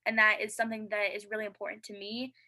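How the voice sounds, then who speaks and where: Woman guest, casual interview, bright forward tone, eager and chatty. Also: mid-range voice, little pitch movement, fast, low-quality recording. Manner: eager and chatty, many fillers; earnest and heartfelt.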